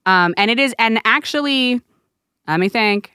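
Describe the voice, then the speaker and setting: A woman co-hosting a casual radio talk show in a studio, chatty and animated as she tells stories. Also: fairly high pitch, normal speed, clear, resonant tone, no echo. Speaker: radio co-host and rescue director. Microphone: studio microphone.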